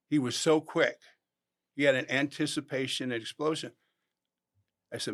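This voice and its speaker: A man in his sixties, a former football player, telling animated stories in a podcast interview and acting out the voices of people he quotes. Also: medium pitch, moderate pace. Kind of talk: storytelling interview.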